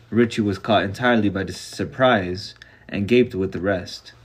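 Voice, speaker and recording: A man's voice: on the low side, a little mellow. A man reading a novel aloud live, casual and reactive, sometimes swearing between passages. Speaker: reader.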